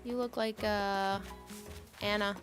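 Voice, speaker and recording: A woman in her late twenties talks casually to her viewers while she plays a game. She rambles in loose, filler-heavy sentences at a middle pitch. Soft game music plays faintly underneath. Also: fairly even intonation, slow pace. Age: late 20s. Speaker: livestream host. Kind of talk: casual chat while gaming.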